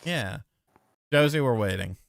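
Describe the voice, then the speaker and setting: A man's voice: medium pitch, unhurried, gravelly, dry recording, clean studio sound. A man hosting a casual livestream chat, reading donations and teasing his co-hosts. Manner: animated, teasing, swears freely. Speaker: host.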